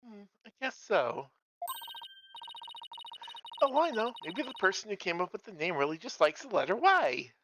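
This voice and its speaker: A woman voicing an upbeat young female lawyer sidekick in an amateur game reading, with bright, curious questioning. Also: mid-range voice, very animated, moderate pace, pauses often.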